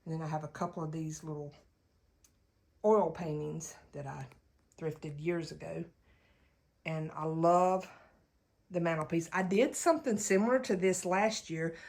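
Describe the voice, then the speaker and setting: Woman, Southern US accent, folksy and chatty, fairly low voice, home tour narration, recorded at home on a handheld camera. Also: vocal fry, darkish tone. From Southern United States. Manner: chatty, folksy, laughs easily. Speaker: home decor vlogger. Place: at home in her living room. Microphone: camera held while filming, speaker off-screen.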